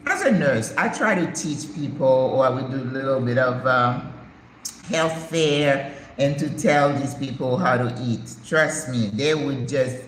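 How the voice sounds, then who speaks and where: A woman's voice: extremely low pitch, unhurried. An older woman, a retired nurse practitioner, hosting a casual live chat and telling stories with emphatic, preachy asides. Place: home in Panama. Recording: echoey room with faint background noise.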